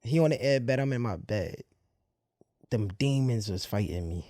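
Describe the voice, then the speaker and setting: A man's voice: mid-range voice, animated, mellow, no echo, studio quality. Raw-talking man telling a personal story. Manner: raw, candid, profane street slang; halting restarts when emotional. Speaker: podcast host.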